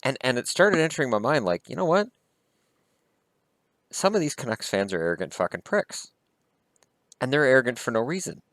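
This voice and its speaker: A man's voice: medium pitch, sing-song, moderate pace, pauses often, fairly bright tone, dry recording. A man vlogging about hockey, talking in a heated, blunt and profane way. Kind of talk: casual opinion rant.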